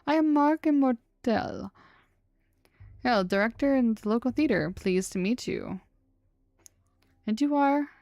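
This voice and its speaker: A woman's voice: on the high side, expressive, measured pace, long pauses, a little mellow, no room sound, studio quality, voice pushed up. A woman voicing a pompous male theater director who speaks in a grand, theatrical way with showy Italian flourishes. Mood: grandiose.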